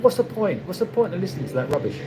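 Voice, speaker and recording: A man's voice: high voice, big pitch swings, racing, noisy background. A middle-aged man with a London accent, chatting casually on a livestream and reading viewer comments, rambling with many restarts. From London, England. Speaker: livestream host.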